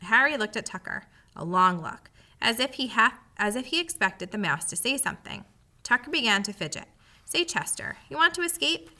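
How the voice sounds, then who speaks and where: A woman reading a children's book aloud with expressive storytelling. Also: mid-range voice, a little fast. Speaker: audiobook reader.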